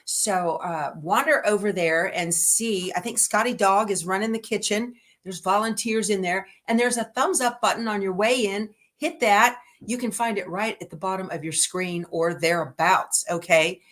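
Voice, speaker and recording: A middle-aged woman hosting a casual livestream. She talks in a chatty, homey, rambling way, speaking straight to her viewers at an even, middling pitch. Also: normal speed, few pauses. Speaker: livestream host.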